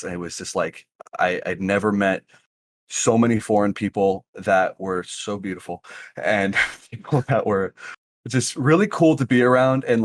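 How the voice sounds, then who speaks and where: A young man co-hosting a podcast, telling a long story in an animated way and laughing often. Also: on the low side, no echo. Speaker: podcast co-host. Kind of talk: casual chat, storytelling.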